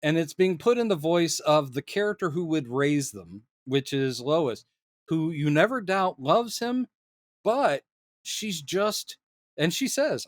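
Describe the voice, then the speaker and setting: A man co-hosting a casual film discussion podcast, animated and quick to act out lines he quotes, laughing often. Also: a little high, dry recording. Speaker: podcast co-host.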